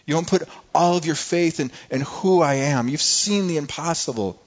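A man's voice: a little high, moderate pace, voice pushed up, close to an everyday voice. A male preacher voicing a frustrated, stern Jesus in a sermon, slightly raised above his own voice. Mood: exasperated. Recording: dull lo-fi recording.

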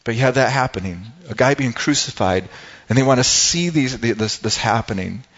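A man's voice: mid-range voice, lively intonation, normal speed, a bit bright, husky, lo-fi sound. A man preaching a sermon as a pastor, earnest and emphatic.

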